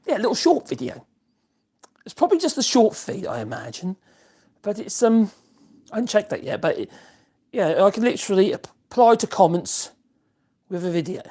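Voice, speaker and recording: A woodworking live streamer chats casually while working in his home workshop, rambling and exclaiming as he goes. His voice is high-pitched, dark and slightly rough, very animated, at a moderate pace with frequent pauses. He uses an external mic, and the room is a bit echoey.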